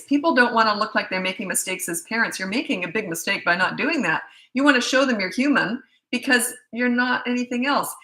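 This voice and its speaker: A middle-aged woman coaching parents speaks in a mid-range voice, pushed and bright, with a reverberant sound. Her casual advice is blunt and chatty, mixed with stories from home.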